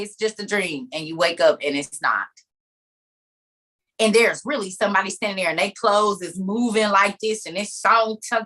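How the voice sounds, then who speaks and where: A woman preaches over a video call in a high, bright voice. She tells her story dramatically and acts out each scene. She talks straight to her listeners, pressing her points with repeated words and frequent laughs. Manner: emphatic and repetitive, addressing listeners directly. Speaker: speaker leading an online group meeting. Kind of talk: animated, conversational preaching.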